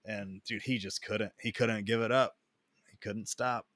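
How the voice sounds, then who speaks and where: A man co-hosting a podcast, talking bluntly and cursing freely in casual chat. His voice is fairly low, recorded dry and close. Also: steady tone, measured pace, fairly bright tone, no room sound. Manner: blunt, profane, short reactions. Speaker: podcast co-host.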